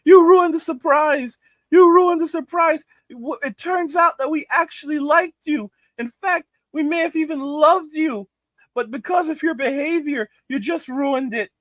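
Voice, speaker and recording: A man putting on a mocking, high falsetto voice of a wounded, dramatic woman. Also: measured pace, a bit bright, no room sound. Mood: mock hurt. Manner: sing-song falsetto mockery.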